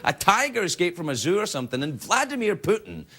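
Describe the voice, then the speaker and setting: Animated male talk show host, joking. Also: high-pitched, fast talker, slightly rough. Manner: animated, joking, self-mocking asides. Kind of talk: comedy monologue. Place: TV studio with a live audience. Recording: loud studio audience laughter.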